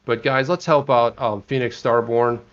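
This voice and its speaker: An American man co-hosting a casual live stream chat, talking in a rambling, animated way and often restarting his sentences. His voice sits at an average pitch for a man. The sound is a bit muffled and lo-fi. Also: normal speed. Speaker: co-host.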